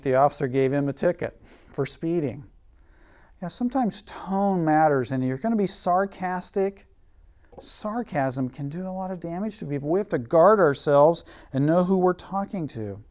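Brief: male preacher, sermon with stories, goes soft and quiet to make a point. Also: a little high, smooth. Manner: storytelling, drops to a soft, quiet voice for emphasis.

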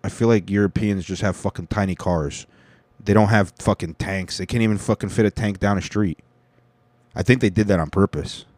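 A man with a low, mellow voice reads a news article aloud and breaks in with sarcastic, profane jokes. The recording is dry and close. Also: brisk, dry recording. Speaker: commentator reacting to a news article. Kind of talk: casual profane commentary.

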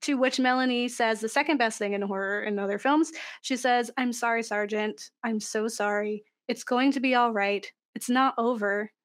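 A young woman chatting casually on a podcast, animated, laughing often and filling her talk with likes and ums. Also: a little high, normal speed, hardly any pauses. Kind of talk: casual chat.

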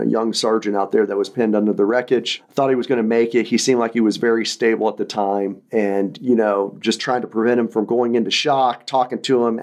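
A man in his thirties speaks as a podcast guest, telling his own experiences in an earnest, reflective way. His voice sits at an ordinary middle pitch. He often breaks off and restarts his sentences. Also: darkish tone. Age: 30s. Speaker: podcast guest, military veteran. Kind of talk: personal storytelling in an interview.

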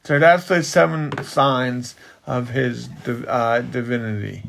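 A slow, unhurried man with a gravelly, creaky voice, teaching scripture in casual conversation. He stops and restarts his sentences often, circling toward what he wants to say. He talks things through at an easy pace. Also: mid-range voice, steady tone, fairly bright tone, a little hiss or hum. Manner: halting, repeats himself while building to a point. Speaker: Bible teacher and podcast co-host. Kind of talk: casual Bible teaching chat.

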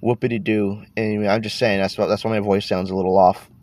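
A man's voice: lowish voice, little pitch movement, fast talker, a little mellow, dry recording. A man hosting a casual podcast, talking with a stuffy nose from allergies, tired, rambling and swearing as he trails off. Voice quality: congested, nasal. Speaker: podcast host.

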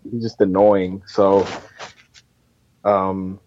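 A man co-hosting a casual wrestling podcast in a relaxed way, steering the talk from one topic to the next. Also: deep voice, drawn-out words, a little hiss or hum. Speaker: podcast co-host. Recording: dull, muffled dry mic.

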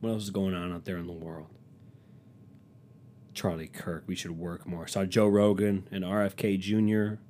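A man's voice: low-pitched, little pitch movement, normal speed, warm tone, a little hiss or hum. A man hosting a casual solo podcast. He rants in a profane, sarcastic way and mocks other people by quoting them. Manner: profane, sarcastic ranting with mock quotes. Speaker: podcast host.

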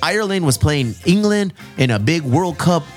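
Animated, profane male storyteller for a casual talk show, voice a touch high, faint music underneath. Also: normal speed. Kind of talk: casual chat.

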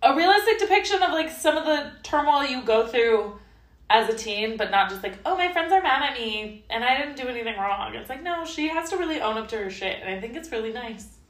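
A woman's voice: on the high side, expressive, fairly quick. A woman in casual chat who laughs easily and fills her talk with "like". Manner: chatty, laughs easily, frequent "like" fillers. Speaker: podcast co-host. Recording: roomy echo.

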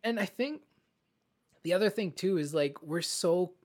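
Hyped up guy gushing on a movie podcast, animated, acts scenes out. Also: high voice, a little slow. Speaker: podcast co-host. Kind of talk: casual film review chat.

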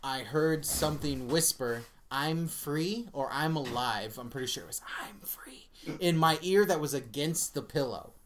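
A man hosting a casual podcast, telling a story with lively acted-out reactions and plenty of swearing. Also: a little high, normal speed, few pauses, slight background noise. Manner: animated storyteller who acts out reactions and swears freely. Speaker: podcast host.

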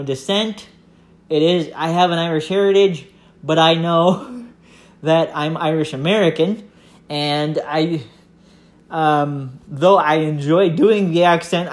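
A man with a Michigan accent hosting his own podcast, talking in a rambling, self-deprecating way with many fillers. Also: on the high side. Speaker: podcast host. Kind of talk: casual solo podcast monologue.

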